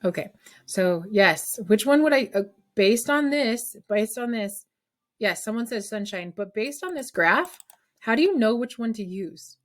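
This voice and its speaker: A woman's voice: a little high, animated, unhurried. A woman teaching a math lesson to her class, explaining a problem step by step in a chatty way and often checking that students follow.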